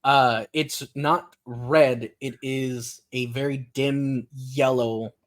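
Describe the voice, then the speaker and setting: Man narrating a tabletop game, halting. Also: mid-range voice. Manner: relaxed, halting narration with fillers. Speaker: game master.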